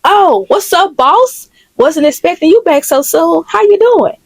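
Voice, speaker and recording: A woman voicing a sassy, sharp-tongued woman store manager. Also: a little high, a little slow, no echo. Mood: brash.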